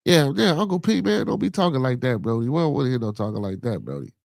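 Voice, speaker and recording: A man with a Chicago accent hosting a casual podcast live stream, reacting to chat comments in a loose, animated, profane way. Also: mid-range voice, fast talker, gravelly, dry recording, studio quality. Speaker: podcast host.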